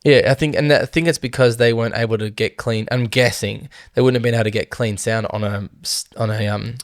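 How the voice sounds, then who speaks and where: A man's voice: medium pitch, steady tone, fairly quick. A man, talking casually and at length on a podcast, wandering off into jokes and playful voices. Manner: chatty, rambling, slips into playful voices. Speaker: podcast co-host. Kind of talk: casual chat.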